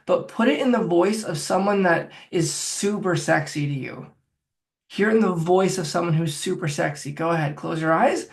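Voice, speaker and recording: A man's voice: high voice, vocal fry. A man working as a phobia coach, talking the listener step by step through a guided self-help exercise. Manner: directive, coaching, talks viewer through steps.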